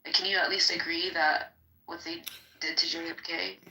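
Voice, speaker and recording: Gravelly, emotional woman in a roomy space. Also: fairly low pitch, little pitch movement, moderate pace, pushed and bright. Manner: emotional, rambling, plaintive. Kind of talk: casual heated group chat.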